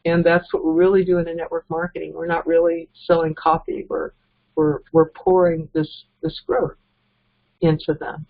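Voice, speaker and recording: Her pitch sits fairly low, with vocal fry and a normal speaking speed. She's a network marketing trainer giving an informal, earnest pep talk, chuckling between points. The recording sounds dull and lo-fi.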